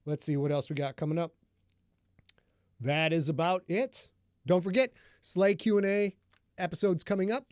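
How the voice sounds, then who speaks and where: A man's voice: a little high, darkish tone, dry recording, studio quality. A man from northern Michigan, an author hosting a live stream, talking in a rambling, chatty way and greeting viewers in the chat.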